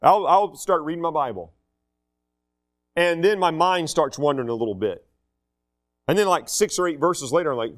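A man's voice: on the high side, animated, moderate pace, long pauses. A middle-aged man preaching a sermon in a conversational, self-deprecating way with humor.

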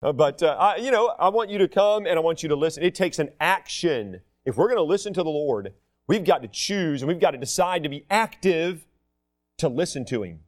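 A man's voice: a little high, expressive, brisk. A middle-aged man preaching a sermon in a conversational, self-deprecating way with humor.

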